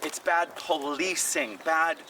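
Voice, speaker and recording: Bright-voiced man telling stories outdoors. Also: a little high, takes it slowly, far from the mic, slight background noise, rough recording. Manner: animated, acts out quoted voices. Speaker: comedian and podcast co-host. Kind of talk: casual storytelling on a walk. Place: outdoors on city streets.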